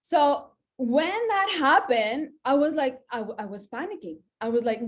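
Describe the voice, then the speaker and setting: A woman's voice: high voice, animated, moderate pace. A woman in her forties, a sales manager, telling her own story in an earnest, emotional motivational talk, saying "like" a lot. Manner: emotional, earnest, says "like" often.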